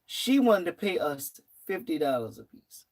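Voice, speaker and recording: A young adult vlogger casually telling a story from work, animated and repeating phrases for emphasis. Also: mid-range voice, a little slow. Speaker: vlogger and retail worker.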